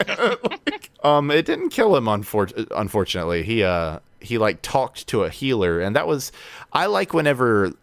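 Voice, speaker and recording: A young man hosting a casual podcast, telling animated stories, acting out quoted voices and laughing often. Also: lowish voice, normal speed, creaky, dry recording. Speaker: podcast host.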